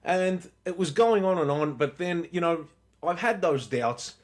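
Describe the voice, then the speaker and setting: A man's voice: high voice, a little slow. A man, co-hosting a podcast and telling stories in casual chat, swearing freely. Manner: animated storyteller, swears freely. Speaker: podcast co-host.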